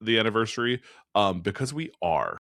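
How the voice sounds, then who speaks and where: Man, low voice, casual podcast chat, fillers and laughs, dry close sound. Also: expressive, a little fast, fairly bright tone, no echo. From New England, near Boston. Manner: chatty, laughs often, filler-heavy. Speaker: podcast co-host.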